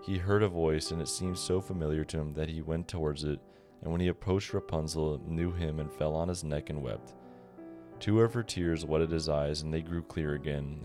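A man narrating a bedtime fairy tale on a podcast in a calm, measured reading. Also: very deep voice. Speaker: podcast storyteller. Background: soft guitar music.

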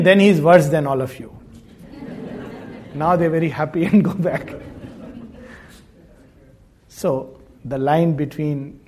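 Husky-voiced man telling spiritual stories. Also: on the high side. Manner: animated storyteller, chuckles often. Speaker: spiritual teacher. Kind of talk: spiritual discourse with storytelling.

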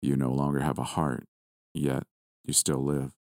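A man voicing a cold, clinical male villain with a deep voice, speaking slowly and with detachment. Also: no echo, studio quality. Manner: slow, calm and detached.

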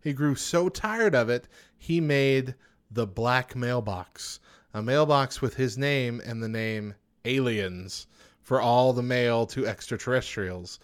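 A man's voice: mid-range voice, takes it slowly, smooth. A man co-hosting a casual podcast, reading offbeat facts aloud and then riffing on them. He laughs easily and keeps the tone jokey. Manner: jokey, laughs often, reads trivia then riffs. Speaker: podcast co-host.

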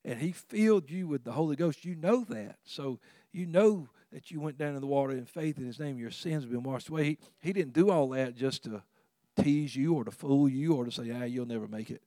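Male preacher, easygoing conversational sermon, swells and softens, dry close mic. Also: mid-range voice, fairly quick, no echo. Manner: folksy, conversational preaching with chuckles; swells louder for emphasis, drops soft for tender points.

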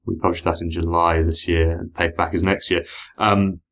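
A man's voice: low voice, level tone, fairly quick, fairly bright tone. A man, a book editor, talking enthusiastically in an interview, rambling a little and restarting his sentences. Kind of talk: casual interview.

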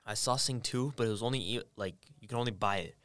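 A young man chatting as a podcast guest, slangy and relaxed, telling stories. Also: on the low side, fast, no room sound. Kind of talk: casual chat.

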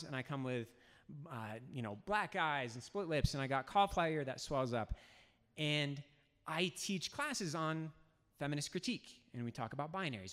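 A man, a high school teacher, telling a humorous personal story on stage and acting out the dialogue. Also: fairly bright tone. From United States. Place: event stage in a hall. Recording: hall reverb.

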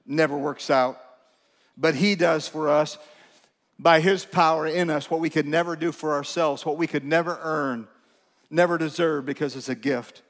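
Male pastor, high voice, chatty preaching style with questions to the crowd and self-deprecating jokes, long church-hall reverb. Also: steady tone, normal speed. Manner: conversational preaching with questions to the congregation and self-mocking humor. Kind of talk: sermon. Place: church sanctuary.

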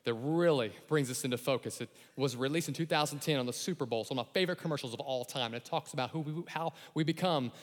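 A man preaching a lively sermon, acting out voices and shouting his key lines. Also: medium pitch, fast talker, few pauses. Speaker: pastor. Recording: long hall reverb.

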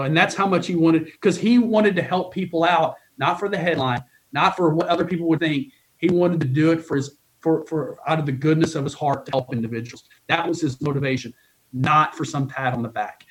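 A middle-aged man coaching college baseball speaks in a podcast interview with a voice a little higher than most men's. He tells stories earnestly and with feeling, stumbling over restarts and repeating words as he goes. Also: normal speed. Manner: earnest, emotional storytelling with many restarts.

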